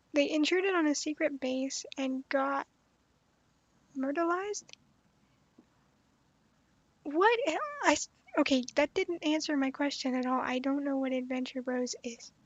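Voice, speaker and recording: A young woman giving casual livestream commentary on a story game, animated and blunt, swearing and laughing often. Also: high-pitched, normal speed, no room sound. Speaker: streamer playing a story game. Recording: dull, dry lo-fi sound.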